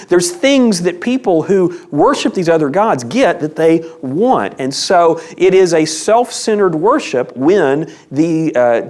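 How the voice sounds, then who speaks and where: Male Bible teacher, slightly high voice, animated and emphatic delivery, casual teaching tone. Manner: conversational, emphatic, asks rhetorical questions.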